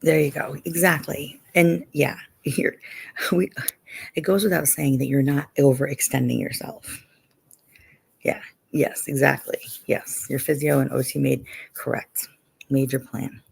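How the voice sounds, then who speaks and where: Gravelly, husky woman chatting casually. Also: rumbling low, fairly even intonation, a little slow, a little mellow. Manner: chatty, lots of "you know". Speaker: live stream host. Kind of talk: casual chat with viewers.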